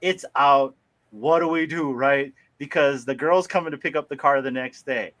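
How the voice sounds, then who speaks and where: A man tells a long story on a livestream. His voice is bright and forward. He talks in a lively way, laughs often and slips into other people's voices as he goes. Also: mid-range voice, normal speed. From Hawaii. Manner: animated, laughing, acts out voices. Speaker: livestream host. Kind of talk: casual storytelling.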